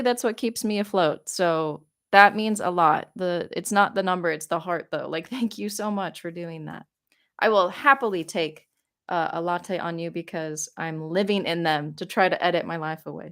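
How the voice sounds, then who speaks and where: A woman's voice: medium pitch, gravelly, fairly bright tone. A young woman hosting a casual live Q&A from her phone, gushing with thanks and rambling as she answers questions. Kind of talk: casual livestream chat. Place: home, living in South Korea.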